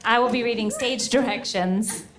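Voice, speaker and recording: A woman hosting a live comedic podcast, animated and gossipy, often laughing, recorded on stage with an audience. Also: on the high side, moderate pace, echoey room. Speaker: podcast host.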